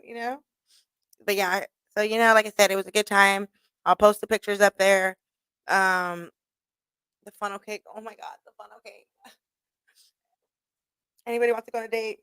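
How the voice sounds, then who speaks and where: A woman's voice: medium pitch, brisk, dry recording. A young woman hosting a radio show, casually telling a story with a lot of swearing and laughter. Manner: profane, laughing, animated retelling.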